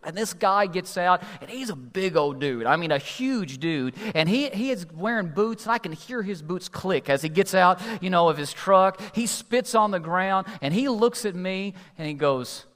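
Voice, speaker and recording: A man's voice: high-pitched, lively intonation, moderate pace, hardly any pauses, a bit bright. A male pastor preaching a sermon in a conversational, storytelling way with humor, heard in an echoey hall.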